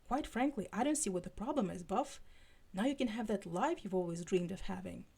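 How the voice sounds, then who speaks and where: A woman's voice: mid-range voice, animated, a little fast, gravelly, mellow, breathy edge. A woman reading aloud voices a playful, joking teenage boy. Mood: teasing.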